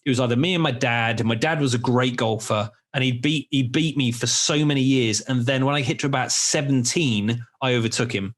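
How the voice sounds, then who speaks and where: A man's voice: mid-range voice, brisk, few pauses. A man in his forties hosting a podcast, telling candid, rambling stories in casual chat with some swearing. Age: 40s. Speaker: podcast host.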